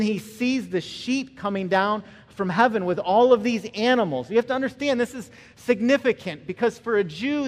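A male pastor preaches in an animated, conversational way, often checking in with his listeners. His voice sits high for a man. The long reverb of a large hall hangs behind it. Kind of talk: sermon.

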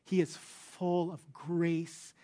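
A man's voice: fairly high pitch, level tone, very slow, mellow. A man pastor preaching a sermon in a conversational, emphatic way, often repeating phrases and saying "like".

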